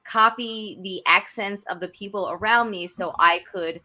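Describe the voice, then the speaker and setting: A woman with a Long Island accent chats as a podcast co-host, her voice bright and ringing at a middle pitch. She laughs easily and doubles back on her words as she talks. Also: unhurried. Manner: laughs often, restarts phrases. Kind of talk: casual chat.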